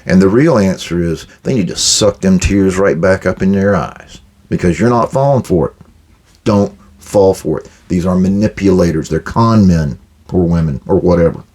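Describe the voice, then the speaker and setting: A man's voice: low-pitched, normal speed, a little mellow. An older man hosting a management advice talk, blunt and direct, acting out quoted exchanges with workers. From United States. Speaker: podcast host giving management advice.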